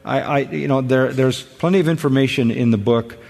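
A man talking in a relaxed radio discussion. He speaks earnestly and with emphasis, and often repeats words as he starts a thought. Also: mid-range voice, brisk, gravelly, big-room sound.

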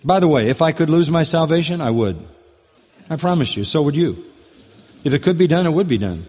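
A man's voice: on the high side, animated, a little fast, darkish tone. A man preaching an expository sermon, repeating key phrases for emphasis and asking rhetorical questions. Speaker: pastor. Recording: long hall reverb.

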